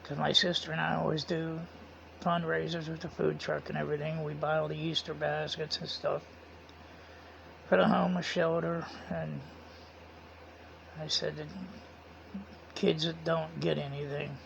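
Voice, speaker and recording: Gravelly man telling a rambling story. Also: fairly high pitch, level tone, normal speed, long pauses, a bit bright, a little hiss or hum. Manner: rambling, repeats quoted dialogue with "I said" and "he said". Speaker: vlogger. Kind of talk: casual personal storytelling. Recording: dull lo-fi sound.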